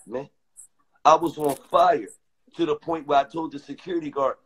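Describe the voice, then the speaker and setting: Middle-aged man, husky and slightly high, profane live-stream storyteller, animated. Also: normal speed, rough recording. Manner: profane, animated, acts out both sides of arguments. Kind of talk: crude casual storytelling.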